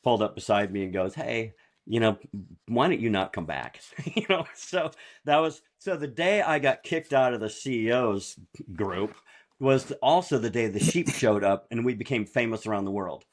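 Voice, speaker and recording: A man's voice: mid-range voice, animated, moderate pace. A man in casual podcast chat, telling rambling business anecdotes and chuckling as he goes. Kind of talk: casual storytelling.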